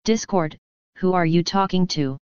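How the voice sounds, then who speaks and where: A timid, whispery young pegasus mare from a storybook, as a woman puts her on. Her voice is very clear and dry, and a little dull in tone. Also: lowish voice, a little slow, no echo, lightly acted. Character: shy, gentle young female pegasus mare.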